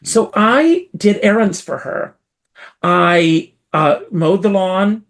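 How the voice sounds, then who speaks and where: A man from South Carolina, a performer, telling his story as a guest in an interview, with lively theatrical emphasis. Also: high voice, takes it slowly.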